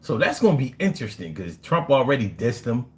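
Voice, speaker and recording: A man runs a casual live stream and answers his chat. His talk is loose, slangy and full of quick jokes and laughs. His pitch rises and falls in a very lively way.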